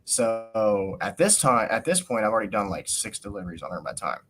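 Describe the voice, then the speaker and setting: This podcast host has a lowish male voice and a brisk delivery. His casual story turns into an animated rant packed with swearing, and he performs other people's quotes himself.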